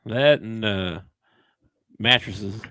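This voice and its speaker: A man's voice: on the low side, very slow, pushed and bright, dry recording. A man hosting a podcast in easygoing, joking casual chat. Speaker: podcast host.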